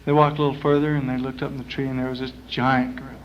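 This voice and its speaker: A man telling jokes on stage in a small lounge, in a rambling, folksy way with many pauses and uhs. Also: medium pitch, little pitch movement. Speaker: performer. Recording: muffled 1960s live club tape.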